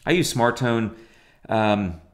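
A man's voice: mid-range voice, expressive, slow pace. A middle-aged man teaching photo editing in a chatty, enthusiastic way, full of fillers. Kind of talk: casual software tutorial.

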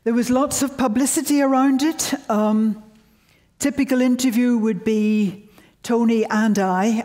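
Older woman telling wry lecture anecdotes. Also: medium pitch. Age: 70s. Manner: wry, storytelling, animated quotes. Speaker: guest lecturer.

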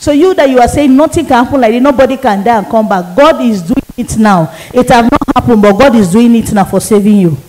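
A woman's voice: on the high side, brisk, few pauses, mellow, low-quality recording. A woman evangelist, giving an emotional sermon testimony and repeating phrases for emphasis. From Nigeria.

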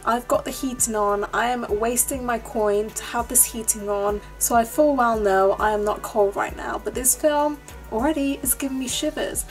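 A woman's voice: on the high side, normal speed, soft background music, rough recording. A woman, hosting a movie reaction in a chatty, emotional way, often near tears. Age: 20s. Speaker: YouTube reaction host. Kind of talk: casual chat and movie reaction.

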